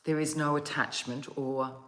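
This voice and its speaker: A woman hosting a meditation channel, chatting casually and gently to her viewers from home, with the odd yawn on a phone mic. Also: low-pitched, flat delivery, normal speed, reverberant. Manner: soft, gentle and meandering, with yawns. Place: at home, outdoors on a calm day.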